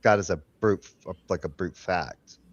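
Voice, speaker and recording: A lower-voiced man rambles through crude anecdotes on a discussion panel. His audio sounds dull and muffled, and completely dry. He talks in a loose, chatty way with plenty of restarts. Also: moderate pace, slightly rough, no room sound. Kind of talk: casual debate chat.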